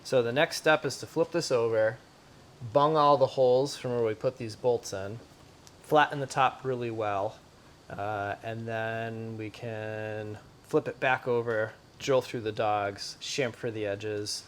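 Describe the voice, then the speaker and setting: A man hosting a boatbuilding vlog, talking through the next steps of a job in a relaxed, methodical way. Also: medium pitch, measured pace, slight background noise. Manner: relaxed, methodical step-by-step talk. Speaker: boatbuilder host. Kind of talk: casual workshop explanation. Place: boat workshop.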